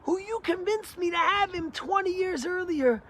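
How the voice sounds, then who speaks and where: A man's voice: extremely high pitch, normal speed, sharp tone, voice pushed up. A man voicing a grateful middle-aged mother who earnestly recounts a past kindness. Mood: heartfelt. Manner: earnest heartfelt retelling.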